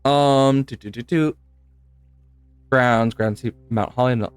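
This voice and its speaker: A man's voice: medium pitch, takes it slowly, smooth, no room sound, clean studio sound, faint music behind. A man streaming a puzzle game live, chatting to viewers, laughing often and swearing now and then. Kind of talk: live gameplay commentary.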